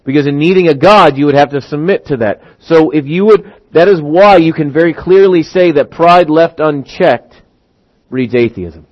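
A man preaching a sermon through a Bible passage, acting out quotes and slowing down on key words. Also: a little high. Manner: animated, acts out quotes, stretches key words slowly. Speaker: pastor. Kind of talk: expository sermon. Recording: dull lo-fi sound.

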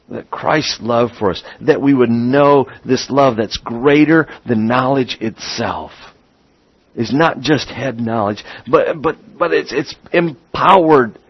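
A man preaching a sermon as a pastor, getting excited and repeating words as he builds up. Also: fairly low pitch, husky, no echo, muffled recording.

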